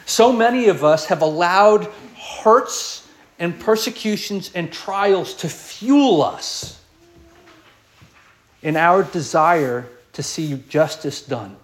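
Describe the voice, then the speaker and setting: A man's voice: sits high, expressive, takes it slowly. A man preaching a sermon to his congregation, earnest, asking rhetorical questions and acting out quoted voices. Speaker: pastor.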